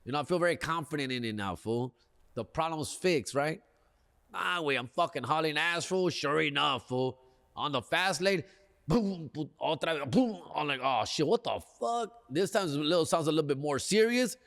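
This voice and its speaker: LA comedian, slangy storyteller with a higher voice, echoing reverb, keeps saying fool and dog. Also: male voice, normal speed, clean tone. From Los Angeles. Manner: slangy, animated, peppers lines with "fool" and "dog". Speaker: comedian and podcast host. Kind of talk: casual storytelling.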